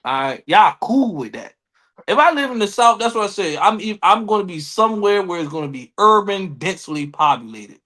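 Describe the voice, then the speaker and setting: A man's voice: high voice, big pitch swings, fairly quick, bright, forceful tone. A man with a DC-area accent, co-hosting a podcast in casual, profane chat and acting out other people's voices. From Washington DC area. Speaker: podcast co-host.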